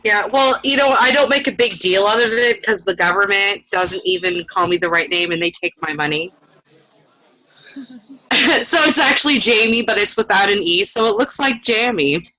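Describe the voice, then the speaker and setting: A woman's voice: mid-range voice, animated, normal speed, pushed and bright, poor audio. A Canadian woman on a team video call, joking and laughing. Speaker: team member.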